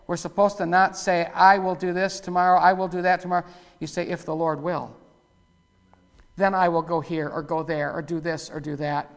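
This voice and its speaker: A man preaches a rough, folksy sermon in a gravelly, fry-edged voice that sits on the high side, punctuated by sudden loud bursts. His delivery is flat and at normal speed, his words ringing out with a long hall reverb over slight background noise.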